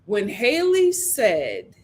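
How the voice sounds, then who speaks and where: A woman hosting a casual recap vlog, telling the story in a lively way and acting out what people said, with filler ums. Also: a little high, drawn-out words. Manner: lively storytelling, acts out quotes. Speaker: host.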